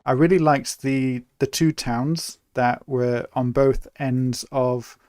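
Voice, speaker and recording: A young man from England giving relaxed, chatty live commentary while he plays a city-building game, thinking aloud as he goes. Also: mid-range voice, slow pace, dry recording, studio quality. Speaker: streamer.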